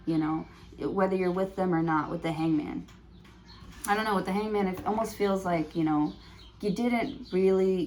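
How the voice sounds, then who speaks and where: A woman's voice: lowish voice, a little hiss or hum. A woman giving a prerecorded tarot reading, thinking aloud with many fillers and restarts. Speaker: tarot reader.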